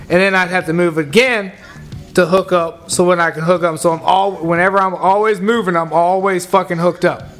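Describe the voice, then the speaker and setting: A man telling a loud, profane work story in casual podcast chat, acting out his coworkers as he goes. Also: high voice, moderate pace, faint music behind. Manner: animated storyteller, acts out coworkers, heavy cursing.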